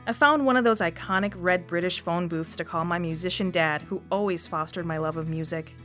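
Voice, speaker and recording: A woman's voice: on the low side, fairly quick, fairly bright tone, soft background music. A woman in her forties with a Wisconsin accent, reading her own personal essay in a reflective storytelling manner for radio. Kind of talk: scripted personal essay narration.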